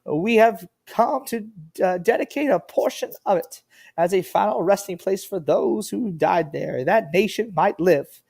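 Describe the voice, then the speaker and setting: A grand 1860s statesman delivering a speech, as a man puts him on, drawing out each phrase with slow, ceremonial weight. The pitch sits high, lifted well above the performer's normal speech. The tone is dark with a gravelly edge. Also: heavily acted. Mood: solemn. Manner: slow, drawn-out, declaiming oratory.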